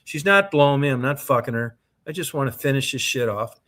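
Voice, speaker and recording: A man with a bright, sharp-edged voice tells a long personal story on a casual podcast. He swears at nearly every turn and rambles freely, circling back through the tale. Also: medium pitch, lively intonation, fairly quick. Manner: profane, rambling anecdote-telling. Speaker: podcast co-host. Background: co-host's short reactions.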